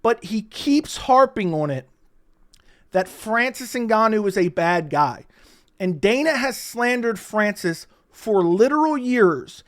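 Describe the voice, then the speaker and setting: A man's voice: sits high, expressive, slow. A man giving sarcastic, profane reaction commentary on interview clips.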